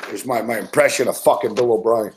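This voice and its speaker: A man's voice: medium pitch, fast talker, a little mellow, slight background noise. A man giving a live sports betting rant, profane and exasperated.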